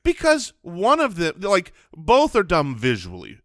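A man's voice: high-pitched, huge pitch swings, unhurried, a bit bright, dry recording, studio quality. A man co-hosting a comedy podcast who jokes, laughs often and argues his points with stammered restarts. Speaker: podcast co-host. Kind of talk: casual comedy chat.

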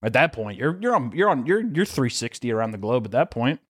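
A man's voice: mid-range voice, sing-song, a little fast, husky, no echo. Joking young man, dry close mic. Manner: joking, sarcastic, repeats words. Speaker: podcast co-host. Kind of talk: casual banter. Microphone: remote call mic.

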